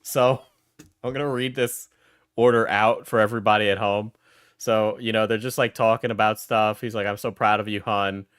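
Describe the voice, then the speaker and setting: A man's voice: on the low side, steady tone, normal speed, a bit bright, smooth, no room sound, studio quality. A man streaming and reacting casually, laughing often and restarting his sentences.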